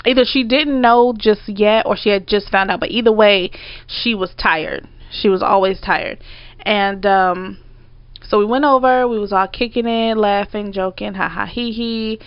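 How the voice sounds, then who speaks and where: A woman, telling a story in casual chat, animated and swearing as she acts out her own outbursts. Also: medium pitch, measured pace, smooth, no room sound. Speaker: storyteller co-host. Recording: dry, slightly dull audio.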